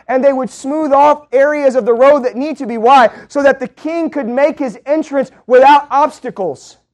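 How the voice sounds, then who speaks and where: A male preacher delivering a sermon, moving from quiet teaching to loud proclaiming. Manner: builds from low, quiet teaching to loud, high-pitched proclaiming.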